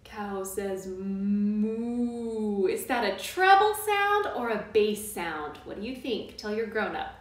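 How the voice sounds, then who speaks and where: A woman teaching a live online music class for small children, speaking in a bright, coaxing, sing-song way. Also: fairly high pitch, huge pitch swings, moderate pace. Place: indoors at home during quarantine. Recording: very echoey room, mic at a distance.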